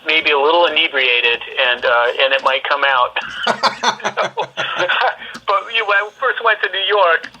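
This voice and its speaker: A man's voice: fairly high pitch, measured pace, pauses often, sharp tone. A man from British Columbia with a Western Canadian accent, a guest telling easygoing stories in casual chat, heard over a dull phone line. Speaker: podcast guest, musician.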